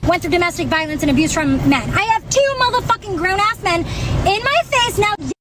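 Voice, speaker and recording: A woman's voice: very high-pitched, lively intonation, a little fast. A young woman telling a heated, profane story to the camera from a parking lot. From New York. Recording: car and street noise behind.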